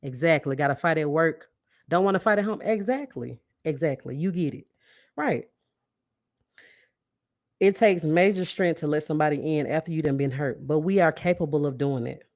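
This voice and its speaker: A woman's voice: sits low, moderate pace, darkish tone, no room sound, clean studio sound. A woman hosting a podcast, giving a preachy, motivational monologue with call-and-response lines and frequent laughs. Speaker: podcast host.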